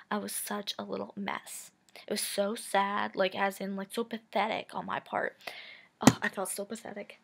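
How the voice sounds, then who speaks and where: Twenty-something woman vlogging her story, rambly, lots of likes and ums, swears freely, a bit of fry in her voice. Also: medium pitch. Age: 20s. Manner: chatty, heavy use of "like" and "um", frank swearing. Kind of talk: casual storytelling to camera.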